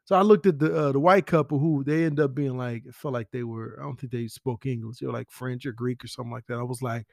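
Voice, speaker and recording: Gravelly man telling stories casually. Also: medium pitch, fast, hardly any pauses, dry recording, clean studio sound. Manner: animated, slangy storytelling with acted quotes and whispered asides. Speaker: friend giving a spoken tribute. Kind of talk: casual storytelling.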